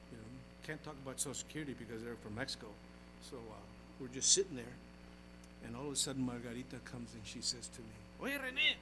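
In a low-quality recording with a little hiss or hum, a male pastor with a mid-range voice preaches a church sermon. He calls out to the congregation and shifts between loud exhortation and quiet, folksy stories.

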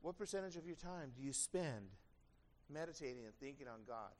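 A man's voice: fairly high pitch, lively intonation, brisk, a little mellow. A man preaching a sermon as pastor, earnest and conversational, with a slightly strained throat.

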